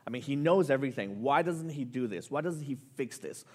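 A man preaching a sermon, telling a personal story with lively, animated delivery that rises with excitement. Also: mid-range voice, a little fast, slightly rough. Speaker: pastor.

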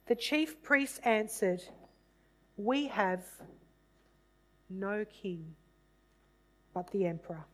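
A woman reading a Bible passage aloud in a measured, solemn way, then reflecting on it. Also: medium pitch, expressive, poor audio.

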